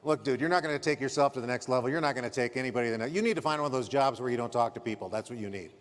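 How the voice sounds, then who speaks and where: A man's voice: medium pitch, very fast, long reverb tail. A man giving a motivational conference keynote in an emphatic, punchy way, acting out customer scenes. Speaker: keynote speaker. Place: conference stage.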